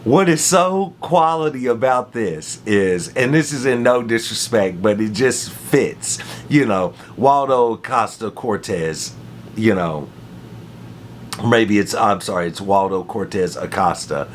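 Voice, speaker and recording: A man's voice: lowish voice, animated, unhurried, slight background noise. A man hosting a casual fight recap, telling the story with slang and repeated phrases. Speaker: MMA commentary host.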